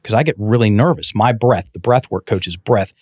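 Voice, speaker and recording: A man's voice: lowish voice, moderate pace, slightly rough, no echo. A man talks through a coaching story on a podcast, voice lifting and dropping as he acts out both sides of the dialogue. He often stops and restarts his sentences. The sound is dry and close to the mic. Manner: animated, many restarts, acts out quoted dialogue. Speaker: guest, breathwork and mindset coach. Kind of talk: casual conversational storytelling.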